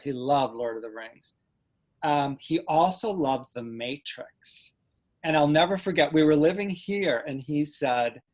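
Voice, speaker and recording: A middle-aged man hosting a conversation, telling stories in an earnest, gentle, halting way with frequent restarts. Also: fairly high pitch. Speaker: host. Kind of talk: reflective conversational storytelling.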